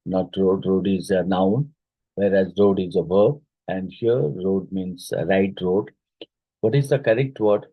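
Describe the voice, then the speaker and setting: A man with an Odia-influenced Indian English accent teaching a phonetics exam-prep lesson, explaining slowly, spelling words letter by letter and using many fillers. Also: sits low, steady tone, slightly rough, dry recording, narrow, tinny audio.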